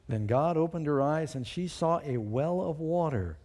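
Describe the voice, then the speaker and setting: A man's voice: on the high side, animated, normal speed, few pauses, a little mellow. A man preaching a sermon, retelling scripture and a personal story, reading verses aloud with rising emphasis.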